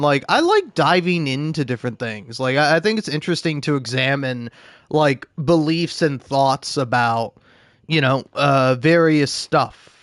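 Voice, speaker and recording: A man's voice: fairly high pitch, fairly bright tone, clear, resonant tone, no room sound, studio quality. Rambling, self-mocking young male streamer. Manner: rambling, self-deprecating, many false starts. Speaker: gaming livestreamer. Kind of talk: casual live-stream chat.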